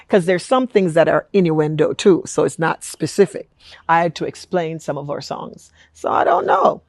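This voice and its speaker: A middle-aged woman from Jamaica with an American accent, telling stories in a chatty, animated vlog and acting out quotes. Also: fairly low pitch, no room sound. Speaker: vlogger and apostle. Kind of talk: casual storytelling vlog.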